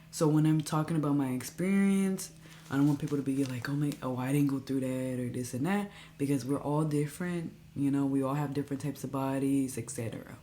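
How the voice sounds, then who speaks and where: A woman's voice: deep voice, warm tone, slight background noise. A young woman vlogger telling her own story in a candid, chatty way, sometimes dropping to a near-whisper. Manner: chatty and candid, drops to a near-whisper when reliving stress. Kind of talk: casual personal storytelling to camera.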